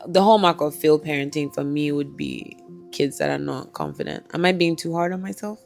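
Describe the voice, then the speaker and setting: A woman hosting a parenting podcast, a mother telling stories in a chatty, animated way. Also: sits low, fairly quick, creaky, soft background music. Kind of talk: podcast interview.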